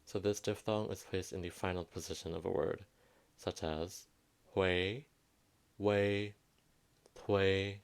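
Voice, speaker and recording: A man with a Southwestern Vietnamese accent giving a pronunciation lesson, repeating each word slowly and carefully. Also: deep voice, steady tone, gravelly, a little mellow. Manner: slow, careful teaching, repeats words for emphasis. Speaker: language teacher.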